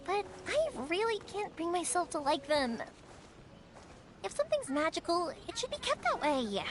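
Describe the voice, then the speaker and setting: A young woman voicing a lively, upbeat fireworks maker's daughter who chats warmly and animatedly, in game voice acting. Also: very high voice, moderate pace, background noise. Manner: bright, chatty and animated. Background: game music.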